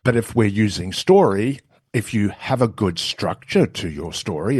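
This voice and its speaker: A middle-aged man with a New Zealand accent talks through his views as a podcast guest. His voice sits fairly low and the recording is close and dry. He talks in a lively, conversational way and keeps checking in with "right?". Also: dry recording. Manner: animated, often tags lines with "right?". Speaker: voice and video coach, guest. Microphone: studio headphones and mic.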